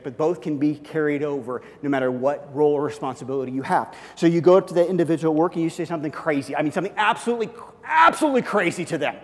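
A man delivers a sermon in a big reverberant hall, his voice sitting a little high. He is animated, slipping into short acted-out conversations and repeating words as he goes.

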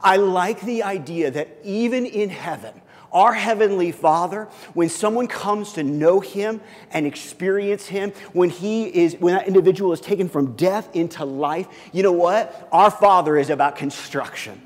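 Male pastor, slightly high pitch, delivers a chatty story-driven sermon in an echoing hall. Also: moderate pace. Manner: storytelling with many restarts, shifting from loud to hushed.

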